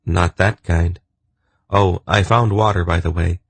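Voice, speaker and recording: A man's voice: sits low, steady tone, a little slow, breathy edge, no echo, full character voice. A man voicing an earnest, protective young man in wolf form who speaks insistently in an audiobook.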